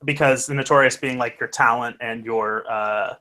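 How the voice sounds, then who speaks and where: A young man running a tabletop game, talking casually and pausing often with fillers and restarts. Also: medium pitch, fairly even intonation, sharp tone. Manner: halting, many fillers and restarts. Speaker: game master.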